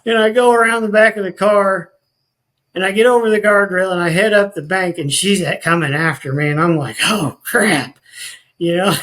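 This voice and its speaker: A man's voice: high voice, a bit bright, rough recording. A man, a podcast guest telling his life story in an earnest, rambling way with many restarts. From rural northwest Missouri.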